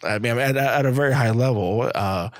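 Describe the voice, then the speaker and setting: A man hosting a casual podcast, asking questions in a halting way with frequent restarts. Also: mid-range voice, dry recording, clean studio sound. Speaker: podcast host.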